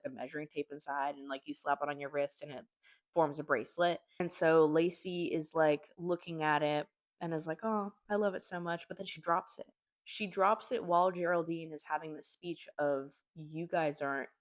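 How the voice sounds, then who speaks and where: Slangy young woman recapping a book. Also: deep voice. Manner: slangy, filler-heavy storytelling with lots of "like"; animated, acts out characters' lines. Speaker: book reviewer.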